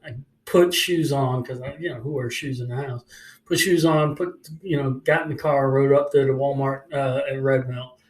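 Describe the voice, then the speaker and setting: A man's voice: mid-range voice, normal speed, reverberant, low-quality recording. A man casually telling a story as a podcast co-host, acting out angry phone calls and cursing as he goes. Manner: animated, swearing, acts out angry phone calls.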